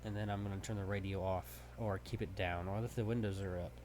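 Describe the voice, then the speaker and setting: Man, player, deliberate terse answers, lowish voice, faint hiss. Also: steady tone. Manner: terse, deliberate, plans step by step. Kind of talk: casual game chat.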